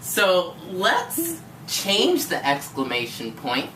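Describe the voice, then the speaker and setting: A woman's voice: fairly low pitch, wildly swooping pitch, slow. A woman teacher, patient and encouraging, tutoring a student one-on-one with many questions. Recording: echoey room from far off, faint noise.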